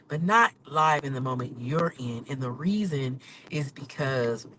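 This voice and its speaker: A woman podcaster and rideshare driver venting in a casual live vlog from her car, swinging from low mutters to loud exclamations. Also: a little hiss or hum, rough recording. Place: in a car on city streets.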